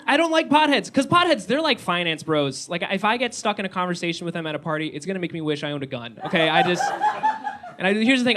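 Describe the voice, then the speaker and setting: A young man doing a stand-up comedy set, excitable and given to yelling. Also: a little high, moderate pace, pauses often, noisy background. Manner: excitable, rising to yells. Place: small comedy venue with live audience.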